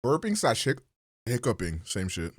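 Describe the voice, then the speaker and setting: A man's voice: mid-range voice, huge pitch swings, moderate pace, breathy edge, no room sound, studio quality. A man streaming live, chatting casually and crudely with his chat. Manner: crude, joking, talks to chat.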